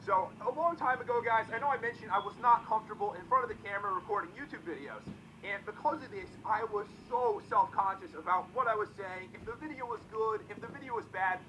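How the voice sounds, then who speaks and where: A young man in his twenties talks straight to his viewers, chatty and self-mocking. His voice sits high and bright, and he rattles along fast. A faint hiss runs under the recording. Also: rough recording. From Connecticut, US. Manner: chatty, self-deprecating, addresses viewers as guys. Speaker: YouTuber. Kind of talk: casual vlog chat.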